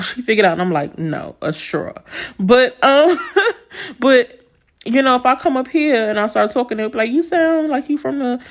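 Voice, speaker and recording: A young woman from New York with a slight Southern twang, chatting casually and laughing often as she does nail art for her viewers. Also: on the low side. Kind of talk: casual chat while doing nails.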